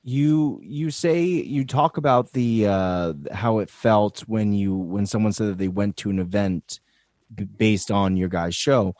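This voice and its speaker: A man's voice: on the low side, fairly even intonation, a little slow, a little mellow, dry recording, clean studio sound. An American man co-hosting a podcast, asking questions casually and teasing with playful what-ifs. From United States. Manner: playful interviewer, teasing hypotheticals.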